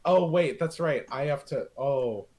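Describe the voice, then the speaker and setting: Giggly, jokey man with a lively voice. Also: mid-range voice, a little slow. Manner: giggly, jokey, slips in and out of a character voice. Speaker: player. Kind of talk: casual tabletop game chat.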